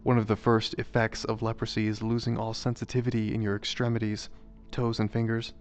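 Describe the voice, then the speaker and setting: A man, a chaplain, reading a devotional story aloud in a measured, even way. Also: lowish voice. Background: soft background music.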